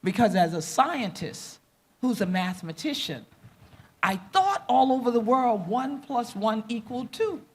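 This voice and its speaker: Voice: mid-range voice, slightly rough. A speaker from the Gullah Geechee coast with a Gullah Geechee accent and Gullah as first language, giving an impassioned, emphatic conference talk that mixes Gullah creole and English. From Gullah Geechee coastal southeastern United States. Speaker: panel speaker. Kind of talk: conference speech.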